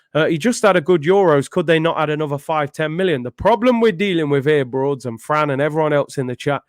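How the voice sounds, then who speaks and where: A young man with hosting a casual football fan live stream, chatty and animated, answering viewers' messages. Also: fairly high pitch, no echo, studio quality. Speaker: football fan show host.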